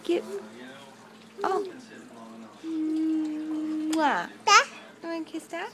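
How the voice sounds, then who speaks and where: Slow, cooing high-voiced young mother. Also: big pitch swings, gravelly, a crowd in the background. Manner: sing-song, cooing and praising, repeats words for the child. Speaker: mother filming her toddler. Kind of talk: home video baby talk.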